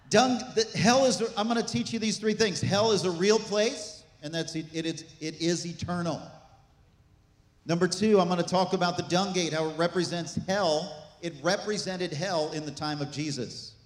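A man preaching a sermon as pastor, animated, with asides and jokes to the congregation. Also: high voice, normal speed. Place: church sanctuary. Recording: echoey church hall.

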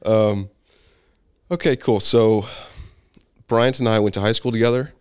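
A man's voice: fairly low pitch, fairly even intonation, a little slow, clean tone, no echo, clean studio sound. A young man hosting a podcast, sounding a little congested, asking questions in an easygoing, joking way. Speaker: podcast host. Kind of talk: casual chat.

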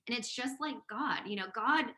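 Bright-voiced woman hosting a podcast. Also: fairly high pitch, moderate pace. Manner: enthusiastic, talkative, frequent laughs. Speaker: podcast host. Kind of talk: casual podcast chat.

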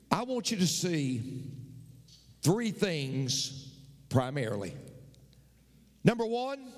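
Emphatic preacher man with lively high voice. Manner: emphatic preaching with dramatic pauses and repetition. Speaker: pastor. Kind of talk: sermon. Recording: reverberant hall with loud music.

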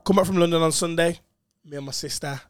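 A man's voice: fairly high pitch, quick pace, slight background noise. A man telling a story in casual chat, full of slang and swearing and acting out what other people said.

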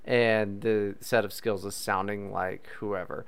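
A man's voice: fairly low pitch, unhurried, clear, resonant tone. A man co-hosting a podcast, bantering crudely and trying out silly impressions. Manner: jokey, tries silly impressions and bits. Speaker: podcast co-host.

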